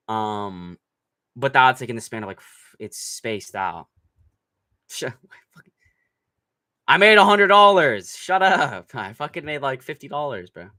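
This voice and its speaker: Brash, bright-voiced young man streaming. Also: medium pitch. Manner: brash, profane, mocking, bursts into shouts. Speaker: livestream host reading chat. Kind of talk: casual livestream chat.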